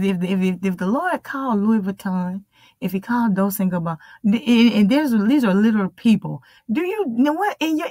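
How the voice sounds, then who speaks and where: A woman's voice: a little high, a little mellow, no room sound. A woman preaching a sermon in an emphatic, repetitive style, drawing out key phrases.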